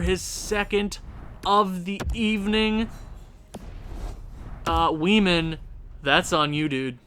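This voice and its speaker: A young man commentating his own hockey video game, swinging from low muttering to shouting at his team. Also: animated, slow pace, slight background noise. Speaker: gaming YouTuber.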